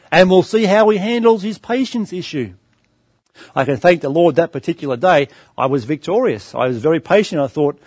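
High-voiced man preaching a sermon. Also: darkish tone, no room sound. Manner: addresses listeners as friends, rhetorical questions; storytelling anecdote with varied pace.

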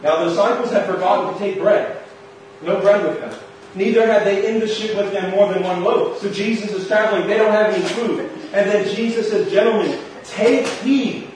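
A man's voice: high-pitched, normal speed, a little mellow, slight background noise. A man preaching a sermon, reading scripture aloud and then explaining it to the listeners, whom he calls friends. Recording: very echoey room heard from a distance.

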